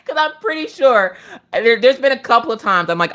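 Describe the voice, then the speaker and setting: Woman, Southern accent, late thirties, casual chat, slight slur, lively rising and falling pitch. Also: a little fast. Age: 30s. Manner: animated, swearing storyteller, slight slur. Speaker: craft live streamer. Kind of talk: casual live stream chat.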